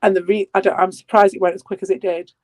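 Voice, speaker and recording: High-voiced, chatty man. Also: flat delivery, no echo. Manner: quick to agree, chatty. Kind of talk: casual voice-chat conversation.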